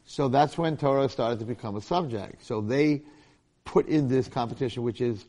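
Storytelling rabbi acting out voices. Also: male voice, mid-range voice, normal speed, warm tone. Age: middle-aged. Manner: storytelling with acted-out voices and jokes. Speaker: rabbi and teacher. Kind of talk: informal Torah lecture to an audience.

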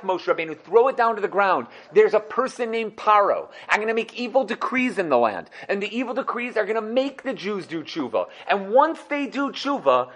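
A man giving a Torah class, animated, acting out quotes and asking the class questions. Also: high-pitched. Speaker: Torah teacher.

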